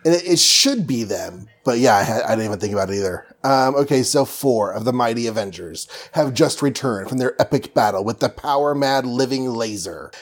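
A man's voice: medium pitch, expressive, brisk, few pauses. A man recapping a comic book in a casual, playful, rambling way with many fillers.

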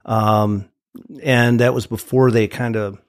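A man guesting on a casual podcast, speaking haltingly with many ums and uhs. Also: on the low side, steady tone, no echo, studio quality. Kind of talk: casual chat.

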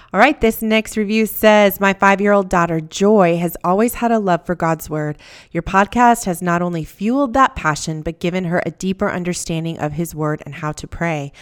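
A woman hosting a podcast, reading listener reviews aloud in a gentle, grateful, upbeat way. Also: on the low side, clear, resonant tone. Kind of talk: warm scripted read-aloud of listener reviews.

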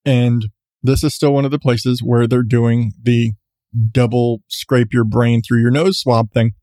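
A man's voice: medium pitch, level tone, measured pace, dark tone, dry recording, clean studio sound. A man, host of a podcast, telling a story in a rambling, self-mocking way with frequent restarts. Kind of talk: casual storytelling.

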